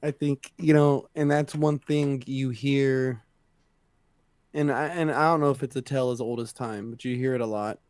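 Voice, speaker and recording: Mellow, reflective male co-host. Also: mid-range voice, fairly even intonation, normal speed, dry recording, clean studio sound. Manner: thoughtful, hedging reflection. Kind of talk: casual chat.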